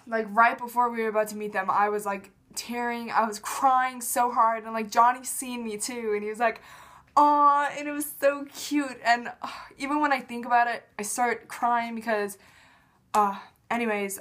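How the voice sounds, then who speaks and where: A woman's voice: on the high side, a bit bright. Rambling emotional woman vlogging. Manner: rambling, emotional, self-critical. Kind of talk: casual confessional vlog.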